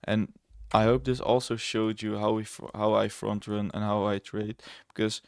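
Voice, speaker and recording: A man's voice: lowish voice, monotone, moderate pace, creaky, a little mellow, clear, resonant tone, no room sound, clean studio sound. A young man casually walking through his trades on screen, rambling and correcting himself, blunt and a bit sarcastic. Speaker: trading educator. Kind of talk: casual screen-share trading walkthrough.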